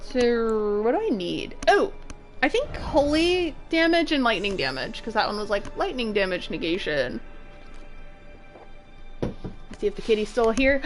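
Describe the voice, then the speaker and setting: A woman in her thirties talks through a game stream in a chatty, giggly way, swearing playfully as she goes. Her voice sits fairly high and swoops around with a lot of expression. Faint game music plays underneath. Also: big pitch swings, unhurried, long pauses. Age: 30s. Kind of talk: casual gameplay commentary.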